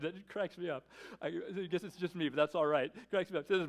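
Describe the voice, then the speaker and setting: A male pastor delivers a sermon at a church service in a casual, storytelling way, leaning on the word "like." His voice is slightly high and very lively in pitch. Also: quick pace. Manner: animated storyteller, lots of filler "like".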